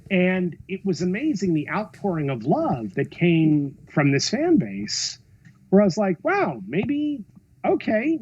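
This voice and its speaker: A film director, a man, telling stories in a podcast interview, expressive, acting out quotes and swearing freely. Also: a little high, husky, no echo, dull audio. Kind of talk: animated storytelling in a podcast interview.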